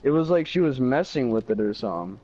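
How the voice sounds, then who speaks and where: A man's voice: mid-range voice, animated, quick pace, mellow. Young Michigan guy on muffled party chat, easygoing and rambling, mid-range voice. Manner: laid-back storytelling with fillers and swearing. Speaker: gamer chatting on a live stream. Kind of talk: casual chat. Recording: slightly dull party-chat audio.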